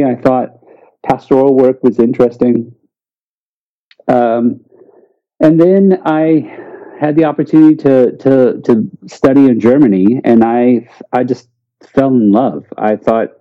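A man from the United States, a podcast guest, talking casually and haltingly, often repeating words. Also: medium pitch, dull audio. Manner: halting, repeats words while searching for them. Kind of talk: casual interview chat.

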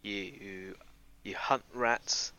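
A man playing in a tabletop role-playing game, talking slowly and rambling. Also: fairly low pitch, steady tone, sharp tone, slight background noise. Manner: slow and rambling. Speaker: player. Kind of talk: casual tabletop play.

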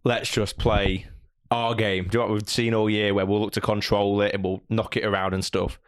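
Fast-talking man, rambling. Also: lowish voice, flat delivery, clean tone. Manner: rambling, many restarts and "you know". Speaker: podcast co-host. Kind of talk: casual chat.

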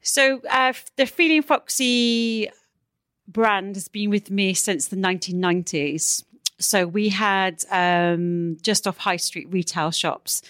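A woman's voice: mid-range voice, slow pace, fairly bright tone, no echo, clean studio sound. A woman with a Welsh accent, a guest on a casual chat show, explaining her business step by step with frequent ums. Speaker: guest entrepreneur.

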